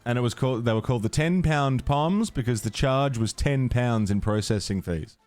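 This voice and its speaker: A man's voice: medium pitch, moderate pace, a little mellow, no echo, soft background music. An Australian man chatting casually on a game stream, swearing freely, laughing often and rambling with restarts. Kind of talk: casual stream chat while gaming.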